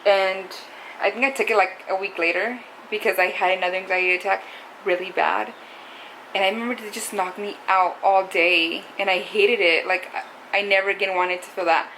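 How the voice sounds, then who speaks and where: A young adult woman vlogs to camera in a casual, confessional way, rambling and saying "like" constantly. Her medium-pitched, fairly bright voice has fairly even intonation at normal speed; the audio is poor, with slight background noise.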